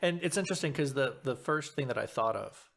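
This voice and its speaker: A man chatting on a podcast as the guest, and his voice sits at an ordinary middle pitch. He thinks aloud, stops partway through phrases and starts them again before he finds his point. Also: animated, vocal fry, fairly bright tone, a little hiss or hum. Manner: thoughtful, halting, frequent restarts. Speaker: guest actor. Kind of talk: casual podcast chat.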